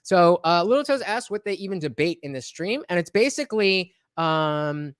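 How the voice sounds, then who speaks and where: A male streamer reacts to a debate clip with loose, rambling commentary, full of fillers, restarts and blunt swearing. His high-pitched voice is animated and smooth at a moderate pace, recorded on a dry close mic with no room sound.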